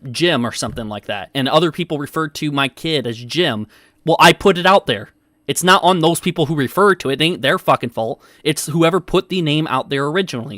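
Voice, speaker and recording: A man's voice: a little high, sharp tone, dry recording, clean studio sound. A man hosting a livestream, arguing with his chat in casual, profane, defensive talk and reading comments aloud. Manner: defensive, swears often, reads chat aloud. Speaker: livestream host.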